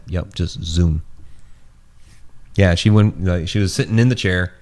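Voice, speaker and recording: A man's voice: low voice, fairly even intonation, measured pace, a little mellow. A man hosting a casual podcast chat, rambling with many fillers and restarts as he starts to lose his voice. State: losing his voice. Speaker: host.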